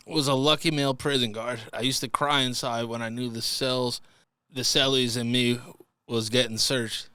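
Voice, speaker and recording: A man's voice: medium pitch, steady tone, moderate pace, sharp tone, clear, resonant tone, no room sound, studio quality. A young man hosting a podcast, reading out listener stories and joking crudely about them in a casual, profane way. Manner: crude, joking, swears freely. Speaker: podcast host. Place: podcast studio.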